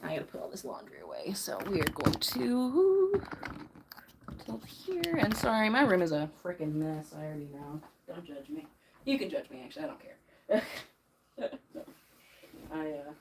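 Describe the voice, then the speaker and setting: A woman's voice: sits low, background noise. A young woman ranting on a livestream while she does laundry in her bedroom, heated and emphatic, with nervous laughs breaking in. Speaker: streamer. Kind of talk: angry ranting livestream chat.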